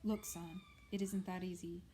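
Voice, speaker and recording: A woman's voice: medium pitch, huge pitch swings, normal speed, dark tone, slight background noise. A woman voicing a stern middle-aged male prison warden, firm and clipped, in a storybook reading.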